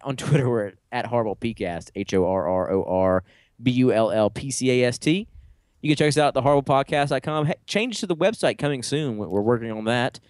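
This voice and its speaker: A man's voice: medium pitch, animated, a little fast, a little mellow, no room sound. Joking male podcast co-host, dry sound. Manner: jokey, rambling, slips into mock accents. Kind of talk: casual podcast banter. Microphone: studio mic, live stream.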